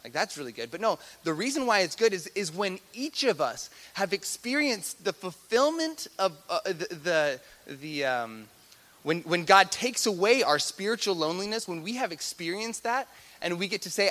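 A male preacher with a bright, somewhat high voice delivers a sermon with lots of energy. He repeats his words for emphasis and swings from loud, emphatic passages to hushed near-whispers. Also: big pitch swings, normal speed.

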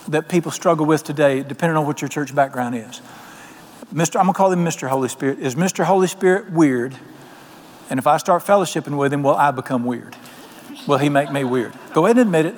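A fast-talking pastor with a fairly high voice delivers his sermon through homespun stories, acting out the people he quotes in their own voices. He also asks his congregation questions, and the hall gives a long reverb.

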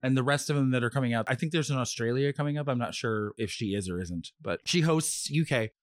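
A man co-hosting a podcast, chatting casually in a campy, animated way and laughing often. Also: mid-range voice, fast. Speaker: podcast co-host. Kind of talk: casual chat.

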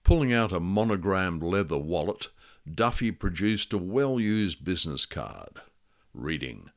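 A man's voice: low-pitched, very animated, a little slow, gravelly. A man reading his own first-person noir detective story in a dry, wry manner.

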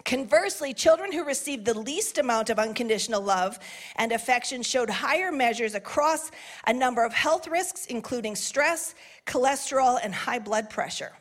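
A woman pastor delivering a sermon, earnest and emphatic, repeating key phrases and dropping in casual asides. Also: sits high.

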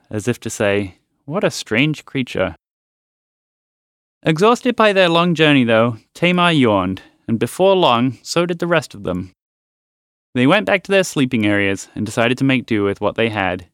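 A man narrating a children's story podcast as its host, with expressive storytelling. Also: mid-range voice, normal speed, smooth, no echo, clean studio sound.

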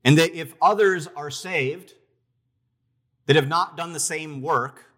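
A man preaching a sermon, retelling a parable in a conversational, storytelling way, with emphatic pauses and restarts. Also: a little high, fairly bright tone. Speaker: pastor.

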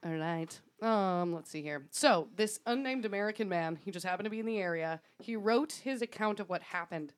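A woman on a podcast recounts a story in relaxed, chatty fashion. Her pitch sits in an ordinary middle range, and she scatters fillers and the odd swear word through her telling. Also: brisk, hardly any pauses. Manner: laughs often, swears casually, fillers like "um" and "like". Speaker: podcast co-host. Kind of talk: casual storytelling chat.

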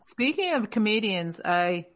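A woman's voice: medium pitch, very animated, unhurried, very noisy. A woman co-hosting a casual podcast, chatty and telling stories. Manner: chatty, storytelling, recommends things. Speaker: co-host.

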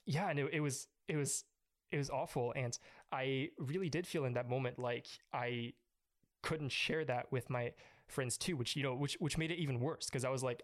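A man's voice: medium pitch, normal speed. A young man earnestly recounting an emotional personal story as an interview guest. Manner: earnest, emotional, with frequent restarts.

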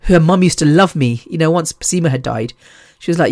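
This is a clean, dry studio recording of a fifties-aged woman hosting a podcast. Her low, darkish voice moves briskly with hardly any pauses as she chats casually and rambles, swearing freely and laughing between sentences.

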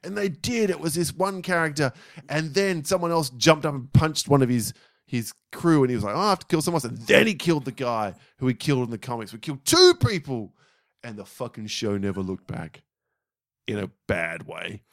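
A podcast co-host chats casually, wry and laughing often. His medium-pitched voice is animated and moves at a moderate pace, recorded in clean studio sound with no room sound.

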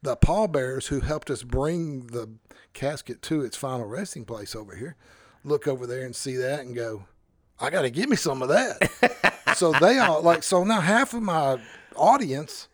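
A man who is a pastor, telling a story in casual podcast talk. He is animated, breaks off mid-sentence and chuckles as he goes. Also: mid-range voice, moderate pace, no echo, clean studio sound. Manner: animated, self-interrupting, chuckles through his story.

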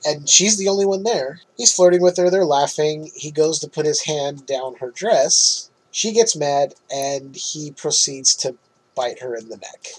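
A man's voice: a little high, a little slow, husky, low-quality recording. A man casually recapping a film's ending as a podcast host, chatty and often laughing.

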